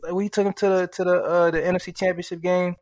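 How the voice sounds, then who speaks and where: A man's voice: high voice, little pitch movement, quick pace, darkish tone, no echo. A man co-hosting a sports podcast in casual chat, laid-back and slangy, laughing often. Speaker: podcast co-host.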